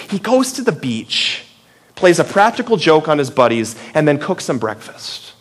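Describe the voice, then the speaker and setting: A man's voice: high voice, expressive, moderate pace. A man preaching a sermon in a playful, conversational way, asking the listeners many rhetorical questions. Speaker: pastor.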